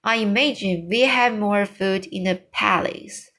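A composed, dignified queen with formal speech, as a woman reads her part. Her lines come slowly and evenly. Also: medium pitch, a bit bright.

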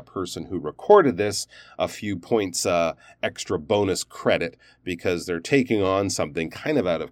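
A man's voice: low voice, dry recording. A man teaching pronunciation, reviewing learners' recorded sentences and explaining stress and endings in an encouraging, explanatory way.

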